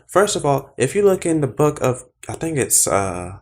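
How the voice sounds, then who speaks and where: A man's voice: fairly high pitch, big pitch swings, moderate pace, darkish tone. A man hosting a podcast, talking in an earnest, reflective way that speeds up when he gets stirred. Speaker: podcast host. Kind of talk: casual conversation.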